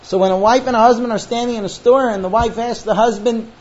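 A man's voice: extremely high pitch, fast talker. A man teaching a class on marriage, telling stories and acting out the voices of husbands and wives. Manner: animated storyteller acting out quoted voices. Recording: dull lo-fi recording with faint ambience.

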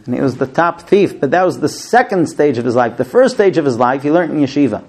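A man teaching a Torah lesson, telling the story with lively, dramatic delivery. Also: on the high side, fast. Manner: animated, dramatic storytelling with fillers.

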